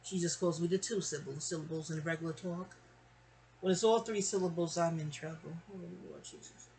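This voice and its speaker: A woman's voice: lowish voice, fairly quick, slight background noise. A woman, telling a casual, rambling family story. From New York City. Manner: chatty, animated, digressive.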